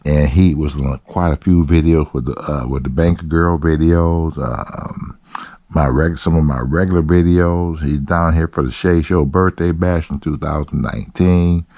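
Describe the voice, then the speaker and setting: A man hosting his own show, telling profane, animated stories and acting out other people's voices. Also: very deep voice, moderate pace, no echo. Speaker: host. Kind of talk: casual storytelling.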